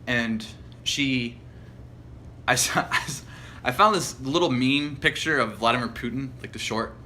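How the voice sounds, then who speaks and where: Young man ranting, bright voice. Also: mid-range voice, a little slow, a little hiss or hum. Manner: rambling storyteller, heavy swearing, mocking quoted voices. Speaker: podcast co-host. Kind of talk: casual chat.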